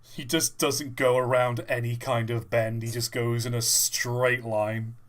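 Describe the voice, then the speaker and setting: A man's voice: medium pitch, little pitch movement, unhurried. A man, chatting casually and joking about trains on a live stream. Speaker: co-host.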